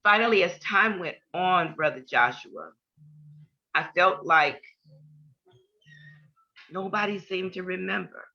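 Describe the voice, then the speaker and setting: A woman's voice: fairly low pitch, takes it slowly, pauses often. An older woman giving an earnest personal testimony in an interview, repeating key points for emphasis. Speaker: guest. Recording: dull lo-fi podcast audio.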